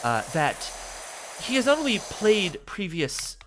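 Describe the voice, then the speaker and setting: Playful gaming streamer, chatty, lively pitch. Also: unhurried. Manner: playful, theatrical, many fillers. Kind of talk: casual gaming chat. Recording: hissy stream audio, spray noise.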